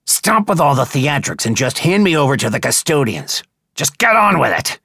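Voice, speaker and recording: A man's voice: medium pitch, big pitch swings, normal speed, creaky, pushed and bright, slightly rough, no echo, studio quality, voice pushed up, full character voice. A man voicing a bitter young apprentice. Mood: defiant. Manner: defiant and bitter. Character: defiant young male apprentice, bitter prisoner. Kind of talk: audiobook character voice.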